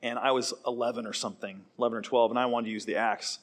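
A man preaching a sermon, telling stories in an animated way and acting out quoted lines. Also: mid-range voice, fast. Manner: animated storytelling with acted quotes. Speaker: pastor.

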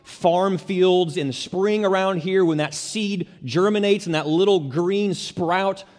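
A man delivering a sermon, earnest and pressing his points with rising urgency. His voice sits a touch high for a man, and it rings with a long reverb, as if in a church sanctuary. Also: slow, darkish tone. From central Illinois, US. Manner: earnest, building to urgent emphasis. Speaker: pastor.

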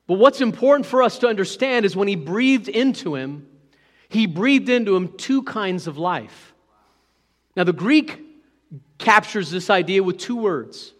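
A man's voice: high voice, a bit bright, big-room sound. A man preaching a sermon as pastor, emphatic and putting questions to the congregation.

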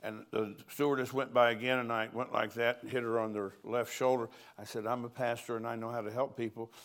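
A man's voice: medium pitch, little pitch movement, a little fast, fairly bright tone. An older man, a pastor, preaching at a conference in a folksy, storytelling way, chuckling between lines.

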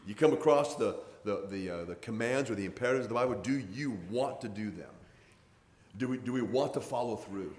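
A man's voice: mid-range voice, darkish tone, echoey room. A man preaching a sermon in a conversational way, pressing harder on his key points. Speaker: pastor.

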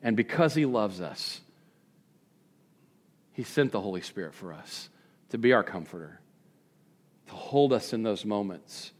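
Man, pastor, conversational sermon, moves between quiet and emphatic. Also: on the low side, animated, a little slow, pauses often. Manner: conversational preaching, swinging from hushed to emphatic.

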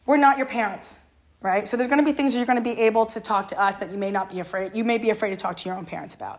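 A woman's voice: mid-range voice, fast. A middle-aged woman youth leader sharing her personal story with a youth group in an earnest, emotional way, often asking "right?". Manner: earnest, tags lines with "right?"; emotional, near tears at times.

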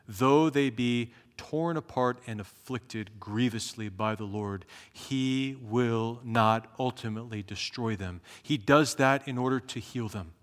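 A male preacher at a middle pitch, reading and explaining scripture in an earnest sermon. His voice swells to emphatic peaks and sinks low and slow again. A long reverb trails each phrase in a large church sanctuary. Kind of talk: expository sermon.

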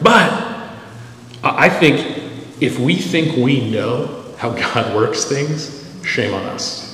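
A middle-aged male pastor giving a conversational, self-deprecating sermon full of animated stories, recorded in a church. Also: fairly high pitch, a little slow. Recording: echoey hall.

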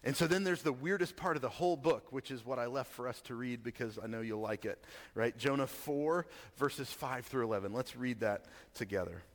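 A man's voice: mid-range voice, a little fast, in a large hall. A man giving a casual sermon and reading scripture aloud, talking conversationally and often checking in with his listeners. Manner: conversational, asks the audience. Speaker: preacher.

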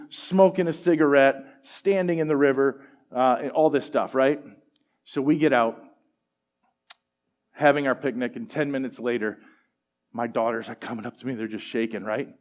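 A middle-aged man preaching a sermon and telling personal stories in a relaxed, conversational way, with plenty of fillers. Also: mid-range voice. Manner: conversational, animated storytelling with fillers. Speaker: pastor. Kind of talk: sermon storytelling.

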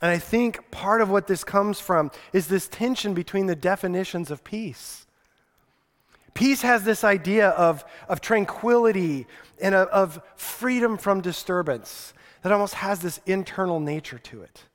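High-voiced male pastor in a reverberant hall. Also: unhurried. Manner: conversational, repeats key lines for emphasis. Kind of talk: sermon.

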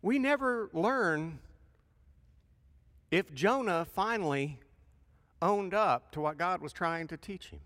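A man preaching a sermon in a church, lively and emphatic, with folksy asides between loud peaks of emphasis. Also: a little high, big-room sound. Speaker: pastor.

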